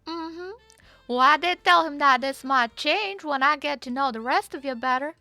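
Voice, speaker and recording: A woman's voice: high-pitched, normal speed, bright, forceful tone, soft background music, pitched above the performer's own voice. A woman playing a polite, folksy Southern belle in a wild west role-play, with a put-on Southern US accent.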